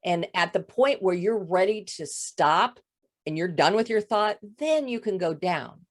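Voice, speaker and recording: A woman voice coach with a touch of vocal fry, explaining voice habits in an interview. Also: medium pitch. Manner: explanatory, demonstrates voice faults. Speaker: voice coach guest. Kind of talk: interview answers.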